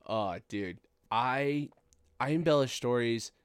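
A man's voice: mid-range voice, slow, smooth, dry recording. Rambling, profane young man, dry close sound. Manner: rambling, profane, laughs at own story. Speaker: storyteller. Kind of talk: casual chat.

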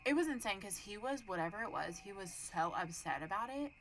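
Bright, animated woman. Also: mid-range voice, a little fast, slight background noise, poor audio. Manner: animated, profane, acts out voices in her story. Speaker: podcast co-host. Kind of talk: casual chat, storytelling.

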